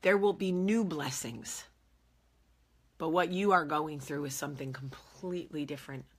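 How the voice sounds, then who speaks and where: A woman's voice: low-pitched, moderate pace, husky. A woman in her forties talking heart to heart with her viewers, earnest and emphatic, often repeating her key phrases. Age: 40s. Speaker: vlogger speaking to her viewers. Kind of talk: heartfelt casual talk to camera.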